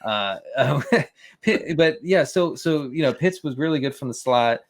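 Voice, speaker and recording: Stammering, laughing fantasy football co-host man. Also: a little high. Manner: stammering restarts, quick laughs, animated. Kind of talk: casual podcast chat.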